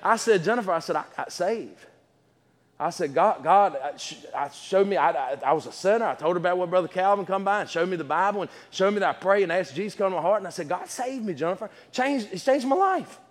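A man's voice: high-pitched, fast. A man preaching a sermon in a church, telling folksy stories with lots of stammered restarts. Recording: reverberant church hall.

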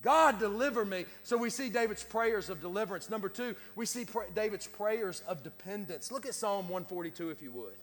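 A man preaching a sermon in an impassioned way, often rising to loud cries. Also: sits high, lively intonation, a little fast, few pauses, in a large hall.

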